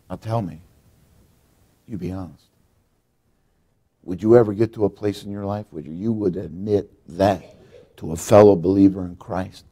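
A man's voice: sits low, fairly even intonation, normal speed, long pauses, warm tone. A middle-aged man preaching a folksy sermon as pastor, acting out what people say. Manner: folksy preaching, acts out quotes.

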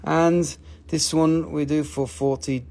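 A man hosting a live crystal sale in casual, playful chat. He jokes, gets excited easily and drifts into broken-English sales talk. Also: on the high side, slow pace. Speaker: host selling crystals on a live stream.

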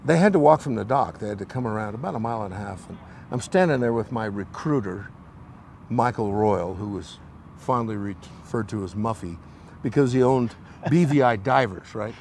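A man's voice: lowish voice, moderate pace, gravelly, a little hiss or hum. A middle-aged man telling a story in a casual interview, acting out the voices of the people in it. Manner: animated anecdote teller, acts out quoted voices. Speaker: interview guest.

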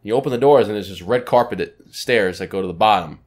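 A man co-hosting a podcast, telling stories in a relaxed, descriptive way. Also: on the low side, quick pace. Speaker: podcast co-host. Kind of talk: casual chat.

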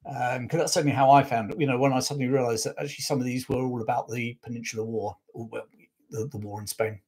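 Talking fast with fairly even intonation, this history live-stream host has a mid-range, darkish, slightly rough voice. He tells his stories in a meandering way, full of fillers and frequent self-corrections.

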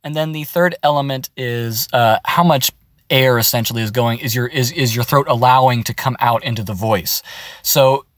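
A man's voice: medium pitch, moderate pace, dry recording. A man giving a casual, upbeat voice acting tutorial, explaining step by step from his car.

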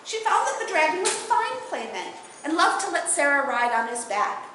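A woman telling a fairy tale aloud to a live audience at a bardic gathering, in an expressive, lilting way. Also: sits high, fairly quick, a little hiss or hum. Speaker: storyteller. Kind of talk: oral storytelling at a bardic gathering. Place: indoor event hall, live audience. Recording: very echoey hall.

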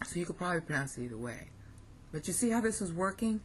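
A woman's voice: on the low side, lively intonation, fast, slightly rough. An American woman giving a casual lesson, reading Greek phrases aloud, thinking aloud and correcting herself as she goes. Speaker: Greek language teacher.

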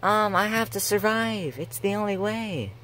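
A man's voice: high-pitched, expressive, unhurried, a bit bright, pitched above the performer's own voice, rough recording. A man voicing a mopey female robot fox plush in a put-on British accent, whiny and sighing. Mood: alarmed.

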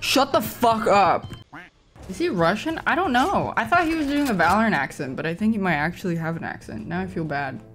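A young woman streaming a game, teasing her teammates in crude casual voice chat and breaking into loud shrieks. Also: mid-range voice, expressive, fast, few pauses. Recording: faint game music behind.

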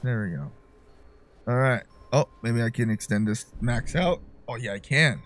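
A man's voice: medium pitch, lively intonation, moderate pace, fairly bright tone, a little hiss or hum. A young man doing casual gameplay commentary, jokey and profane, breaking into sudden yelps. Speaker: let's-play gamer.

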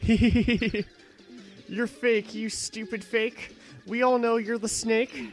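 A man's voice: very high-pitched, level tone, very slow, faint music behind, exaggerated voice. A man reading aloud the rhyming lines of a haughty female fortune-teller from a game, in a sing-song way. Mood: bickering.

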